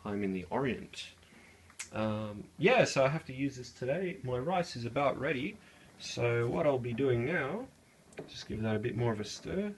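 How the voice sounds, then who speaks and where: Cooking in his small kitchen, a young Aussie vlogger rambles on with lots of slang and fillers. His medium-pitched voice is animated and moves at a normal pace, with a bit of background noise.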